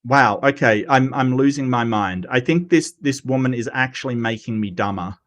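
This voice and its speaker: A man hosting a casual livestream, animated and self-mocking, often stumbling over his words. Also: medium pitch, normal speed. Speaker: host.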